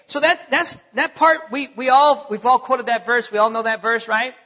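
A man's voice: very high voice, fairly even intonation, moderate pace, hardly any pauses, pushed and bright. A man preaching a sermon, speaking emphatically, repeating words as he builds points and quoting scripture. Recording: long hall reverb, dull lo-fi sound.

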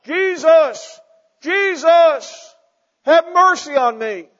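A man voicing a desperate blind beggar who cries out loudly and pleads for mercy. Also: very high voice, expressive, extremely slow, big-room sound, highs cut off, voice pushed up, exaggerated voice. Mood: desperate shouting.

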